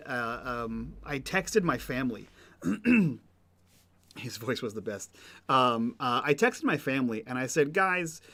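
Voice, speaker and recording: A man's voice: mid-range voice, a bit bright. Chatty, rambling man hosting a livestream. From New England. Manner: chatty, rambling, lots of fillers. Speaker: host. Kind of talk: casual livestream Q and A.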